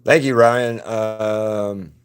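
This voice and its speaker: Man, deep voice, laid-back rambling host of an art live stream. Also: very slow. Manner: relaxed, rambling, greets viewers by name. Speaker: artist live-streaming a painting session. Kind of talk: casual live-stream chat with viewers.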